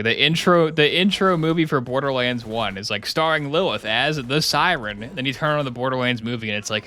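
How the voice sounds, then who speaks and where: Male streamer, casual live chat, sarcastic and rambling, bright-toned voice. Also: medium pitch, fairly quick, hardly any pauses.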